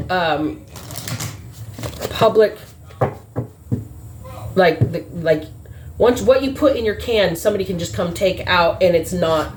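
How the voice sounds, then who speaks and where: A woman's voice: medium pitch, background noise. A woman doing a casual spiritual reading who muses aloud and spells words out letter by letter. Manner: musing, spells out letters slowly. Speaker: spiritual reader. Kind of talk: casual word-game reading.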